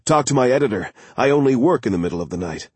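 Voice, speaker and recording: A man voicing an alert, excited male crime reporter in an audiobook, speaking eagerly and quickly. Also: medium pitch, slightly rough, no echo, voice pushed up.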